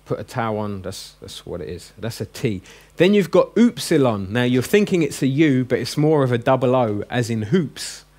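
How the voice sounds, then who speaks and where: A man's voice: mid-range voice, big pitch swings, darkish tone. Chatty man teaching a class. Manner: chatty and joking, drills letters slowly. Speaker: Greek teacher. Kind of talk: classroom lesson. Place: classroom with a group.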